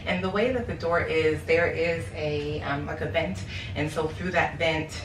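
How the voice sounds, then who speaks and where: A woman's voice: deep voice, unhurried. A woman telling a personal story on her vlog, emphatic and talking straight to viewers. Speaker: vlogger. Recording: roomy, distant mic with steady background noise.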